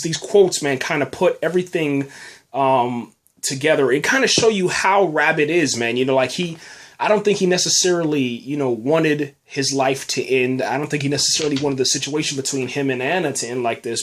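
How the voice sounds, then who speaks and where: A man's voice: medium pitch, moderate pace. A man hosting a podcast, giving a casual, rambling spoken review full of fillers and restarts, often saying "man". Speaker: podcast host reviewing a TV episode.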